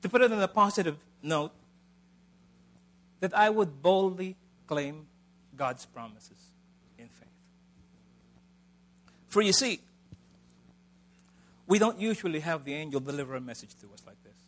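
A middle-aged man preaching a sermon in a conversational way, swinging between loud emphasis and soft asides. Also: on the high side, lively intonation, a little slow, pauses often.

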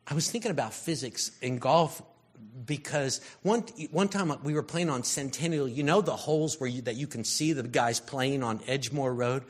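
A man giving a conversational sermon, telling stories in a loose, rambling way with lots of fillers. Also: fairly high pitch. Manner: rambling, storytelling, frequent fillers. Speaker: preacher.

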